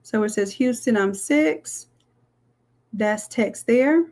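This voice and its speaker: A woman's voice: on the high side, takes it slowly, darkish tone. A woman, walking viewers through a live design tutorial in a chatty way. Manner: chatty, says "y'all", talks viewers through steps. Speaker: design instructor. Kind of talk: live screen-share tutorial.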